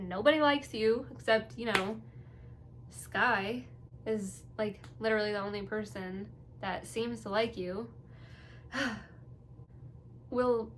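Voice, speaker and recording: Young female vlogger, fairly high voice, bubbly and gushing, casual chat, faint hiss behind. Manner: gushing, bubbly, full of "like" and "you guys". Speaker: TV reaction vlogger.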